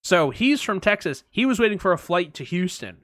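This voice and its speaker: A man with a bright, fairly high voice tells anecdotes on a podcast. He talks in a casual, animated way and acts out the people and sounds in his stories. The recording is close and dry. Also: brisk, no room sound. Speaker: podcast co-host. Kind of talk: casual storytelling chat.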